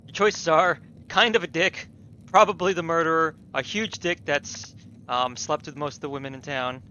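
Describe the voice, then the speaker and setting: Guy streaming a game, swears a lot, bright lively voice, bit muffled w faint hiss. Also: fairly high pitch, moderate pace. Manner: sweary, animated, laughing asides. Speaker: let's play streamer. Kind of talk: casual gameplay commentary.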